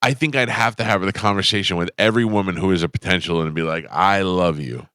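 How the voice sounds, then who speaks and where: A man's voice: sits low, fast, bright, forceful tone, dry recording. A man hosting a morning radio show, blunt and crude, joking with his co-hosts in the studio. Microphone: studio microphone.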